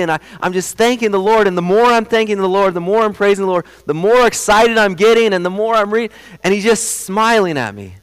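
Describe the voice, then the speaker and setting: A young adult man preaching a sermon as pastor, earnest, and moving from quiet storytelling to animated emphasis. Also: sits high, a little fast, clean tone. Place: church sanctuary. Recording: long hall reverb.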